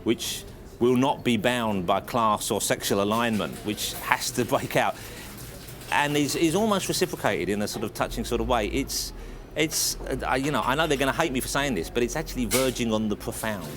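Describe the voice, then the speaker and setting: A man's voice: mid-range voice, moderate pace. A man giving a thoughtful, analytical reflection in a documentary interview.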